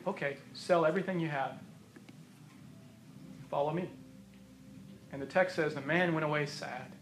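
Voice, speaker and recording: Man, high voice, emphatic sermon, repeats lines for stress, hoarse, roomy hall echo. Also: a little hiss or hum. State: losing his voice. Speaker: preacher.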